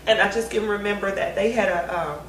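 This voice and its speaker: Talking fast in a steady, medium-pitched voice, this woman shares candid, reflective memories of her late mother, with laughter between her thoughts. The family conversation is picked up on a distant mic in a roomy space with faint hiss.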